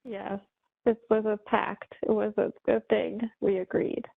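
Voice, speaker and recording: Woman, hypnosis client in trance, awed and emotional, gravelly voice, tinny call audio. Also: mid-range voice, little pitch movement, unhurried, dry recording. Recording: tinny phone-like call line.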